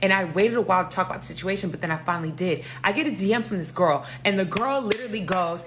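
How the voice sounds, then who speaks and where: A woman telling a casual storytime, animated, swearing and dramatic. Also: mid-range voice, fast talker, few pauses, background noise. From New York.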